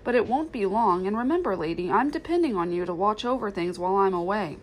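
A woman voicing a kind young husband, quick and hurried. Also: medium pitch, expressive, slight background noise, natural voice. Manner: hurried, warm.

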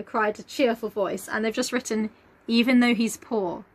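A woman's voice: on the high side, unhurried. A woman co-hosting a casual book chat, talking with many fillers and restarts and sometimes reading passages aloud.

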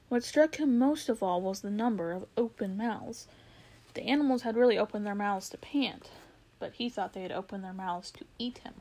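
A woman with a medium-pitched voice reads a children's novel aloud, keeping a steady storytelling rhythm. Now and then she stumbles and starts a line over.

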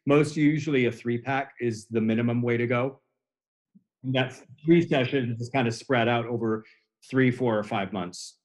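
A man's voice: mid-range voice, normal speed. A man in his forties, a hypnotherapist and coach, explaining his work in an earnest way during a casual podcast conversation. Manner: earnest, explanatory, builds on extended imagery.

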